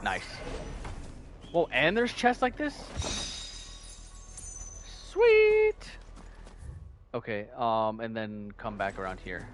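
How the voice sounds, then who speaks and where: Playful male let's-play host, bouncy animated pitch, goofy asides. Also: a little slow, lo-fi sound, over music. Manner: playful, goofy, puts on silly mock-pompous voices. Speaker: gaming video host.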